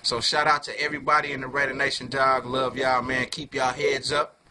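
A man giving a heated fan rant to camera, full of profanity and street slang, dropping low then flaring into loud outbursts. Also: flat delivery, brisk, background noise. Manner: profane slangy talk, keeps calling listeners "dog"; swings from low muttering to loud angry outbursts. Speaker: fan video reviewer.

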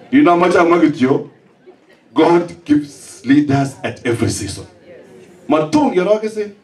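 A man's voice: high voice, a little mellow. A man with a Kenyan accent giving a rousing, impassioned speech at a funeral, often rising to emphatic cries. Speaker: speaker at a funeral, teacher and politician. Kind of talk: impassioned public address. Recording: voice picked up from a distance.

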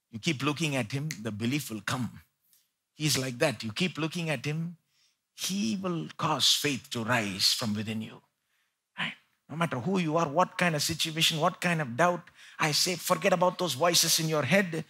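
A male pastor preaching a live church sermon, swinging between loud pleading and quiet asides. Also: on the high side, animated, moderate pace, creaky, husky. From India.

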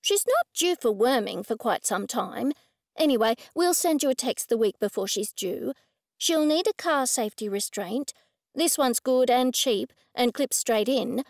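A woman's voice: fairly high pitch, animated, a little slow, no room sound. Polite receptionist woman, helpful, audiobook figure read by a woman, dry sound. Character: polite, patient female clinic receptionist.

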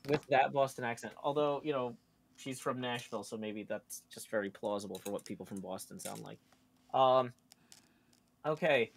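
A man's voice: mid-range voice, normal speed, creaky. A man chatting casually on a live stream, rambling through stories with many fillers and restarts. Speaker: co-host on a stream. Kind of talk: casual chat.

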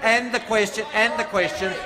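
A man's voice: high-pitched, steady tone, normal speed. An Australian man, a government minister, giving a combative, mocking parliamentary debate speech and reading rules aloud. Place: parliament chamber. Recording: reverberant parliament chamber.

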